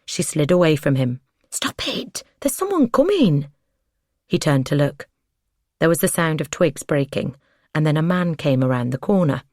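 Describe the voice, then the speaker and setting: Low-pitched woman, measured audiobook narrator, dry close mic. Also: a little mellow, no room sound.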